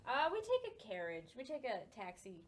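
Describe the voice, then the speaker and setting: A woman playing a tabletop game, talking in a quick, matter-of-fact way. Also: a little high, huge pitch swings, a crowd in the background. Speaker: player. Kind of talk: casual tabletop game chat.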